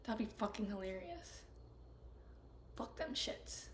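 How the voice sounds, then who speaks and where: A woman's voice: medium pitch, lively intonation, slow, slight background noise. A young woman from South Carolina, chatting casually while she paints, swearing freely, ranting, and muttering half-whispered asides to herself. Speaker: vlogger. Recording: roomy echo with faint ambience.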